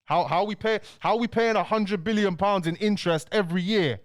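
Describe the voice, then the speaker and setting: A young man hosts a casual commentary rant, animated and slangy as he presses his points. His voice sits a little above the usual male range. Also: high voice, brisk. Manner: animated, ranting, fills lines with "bro" and "bruv". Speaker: commentary channel host. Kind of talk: casual political rant to camera.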